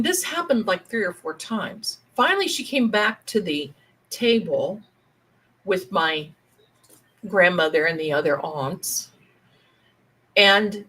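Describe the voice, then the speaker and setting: A middle-aged woman hosting a livestream, telling a family story in a chatty, animated way and acting out the relatives she quotes. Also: mid-range voice, rough recording. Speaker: livestream host, tarot reader.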